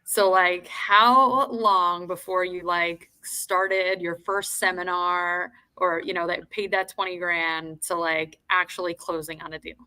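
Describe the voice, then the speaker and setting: A woman's voice: lowish voice, fairly even intonation, a little slow, few pauses, sharp tone, smooth. A woman hosting a podcast who asks loose follow-up questions in a casual way. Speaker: podcast host. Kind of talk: casual interview.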